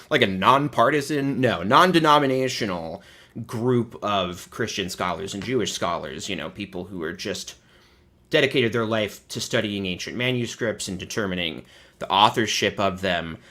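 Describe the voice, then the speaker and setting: A man giving sarcastic, profane commentary while streaming. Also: normal speed. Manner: swears freely, lively pitch swings.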